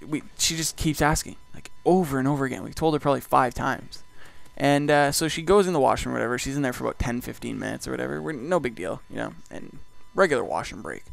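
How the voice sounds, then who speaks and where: A man's voice: mid-range voice, creaky, no echo. A young man, rambling through a profane anecdote full of "like". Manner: rambling, profane, heavy use of "like". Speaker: vlogger host. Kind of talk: casual storytelling.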